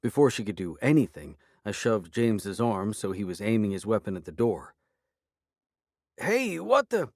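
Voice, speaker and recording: A male narrator with a fairly low voice reads a first-person fantasy story. His delivery is even and dry, recorded close with no room sound. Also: a little fast, hardly any pauses, no room sound. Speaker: audiobook narrator.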